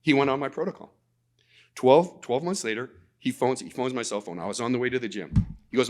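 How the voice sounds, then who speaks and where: A man speaking at a conference, telling a personal story in an animated way, often repeating words and acting out the dialogue. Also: mid-range voice, a little fast. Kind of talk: storytelling presentation. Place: conference talk.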